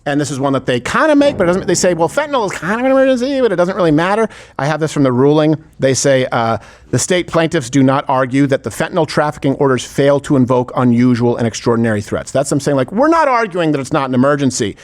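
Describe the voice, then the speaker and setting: A man's voice: mid-range voice, very animated, quick pace. A man hosting a political talk show, asking rhetorical questions with heavy sarcasm. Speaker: host. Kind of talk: political commentary chat.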